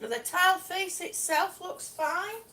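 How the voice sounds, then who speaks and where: A woman's voice: very high-pitched, expressive, slow pace, bright, forceful tone. A woman live-streaming a complaint about damaged tiles at home, exasperated and sarcastic, swearing now and then. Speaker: vlogger. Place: home, indoors.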